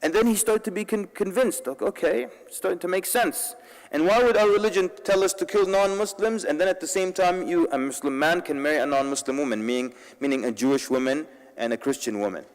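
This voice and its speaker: A man giving a humorous public talk at a convention, telling stories in an animated way and mixing in Arabic words. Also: high voice, fairly quick, long reverb tail, poor audio. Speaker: convention speaker. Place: large convention hall.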